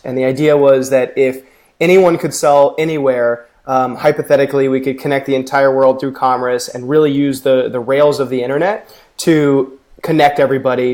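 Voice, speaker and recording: A male founder is a guest on a podcast and gives an easy, upbeat account of his career. His voice sits at a middle pitch and he speaks fluently. He sounds ready to explain his work. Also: a little mellow. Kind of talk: podcast interview.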